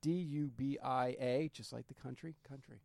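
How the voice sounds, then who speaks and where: Gravelly guy hosting a podcast, jokey and chatty, pretty dry sound. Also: medium pitch, steady tone, moderate pace, darkish tone, no room sound. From eastern United States. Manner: joking, teasing, chatty. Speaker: podcast host. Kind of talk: casual chat.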